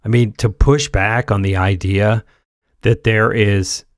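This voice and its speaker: A man's voice: lowish voice, fairly even intonation, slow, no room sound, studio quality. A man reacting to a podcast clip with exasperated, sarcastic political commentary, mocking the speakers he hears.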